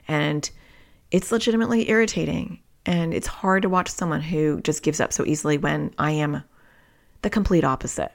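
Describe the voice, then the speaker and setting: A woman's voice: low-pitched, moderate pace, creaky. A middle-aged woman hosting a parenting podcast, talking candidly and reflectively while she speaks straight to her listeners. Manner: candid and self-reflective, addresses listeners directly. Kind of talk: reflective solo podcast talk.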